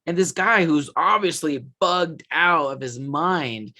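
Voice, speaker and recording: A man's voice: a little high, slow, sharp tone. A man from the US West Coast chatting casually on a podcast, telling loose stories with lots of fillers and swearing.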